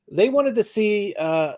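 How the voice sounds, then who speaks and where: A man co-hosting a podcast, recapping a TV episode in casual chat, animated and laughing often. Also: high voice. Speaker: podcast co-host.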